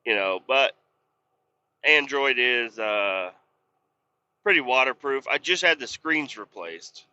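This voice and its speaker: A podcast host telling a rambling work story in a casual, profane, exasperated way. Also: male voice, medium pitch, animated, takes it slowly, sharp tone, clean tone, highs cut off.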